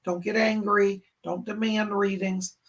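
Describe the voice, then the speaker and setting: Hoarse husky guy on a live stream, pretty high voice, super bubbly, talks about himself in third person. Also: level tone, unhurried, a bit bright. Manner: exuberant, calls himself by name in the third person. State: hoarse, clearing his throat. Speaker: psychic medium hosting a live stream. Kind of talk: casual live-stream chat greeting viewers.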